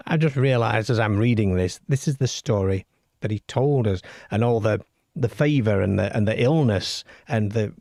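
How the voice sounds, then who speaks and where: A man's voice: on the low side, darkish tone, no echo, studio quality. A middle-aged or older man hosting a late-night paranormal call-in show, reading out listener stories and chatting wryly with his live audience. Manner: wry, self-deprecating, chatty with the live chat.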